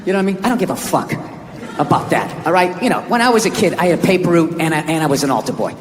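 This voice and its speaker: Loud ranting man doing stand-up. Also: on the high side, sing-song, racing. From United States. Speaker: stand-up comedian. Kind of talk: stand-up comedy set. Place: comedy stage before a live audience. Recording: echoey live hall with crowd noise.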